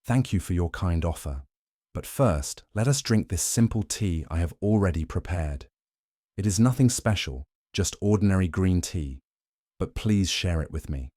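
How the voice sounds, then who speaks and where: A man voicing a calm, gentle old woman serving tea in a sleep story, speaking quietly and unhurried. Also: deep voice, dry recording, clean studio sound.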